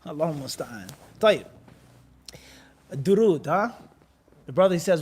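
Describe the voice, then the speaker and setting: A man giving an animated religious lecture and firing rhetorical questions at his listeners. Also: on the high side, unhurried, pauses often, husky. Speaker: Islamic teacher.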